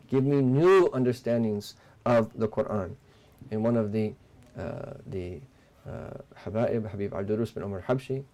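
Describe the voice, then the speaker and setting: A man giving a religious lesson, explaining a text in measured teaching talk and mixing in Arabic terms. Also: medium pitch, mellow. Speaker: Islamic teacher.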